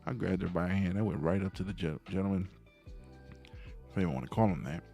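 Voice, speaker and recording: A low-pitched man streams from home late at night over soft background music, his delivery brisk and mellow with vocal fry. He meanders through a story for viewers and gets worked up about what's right and wrong.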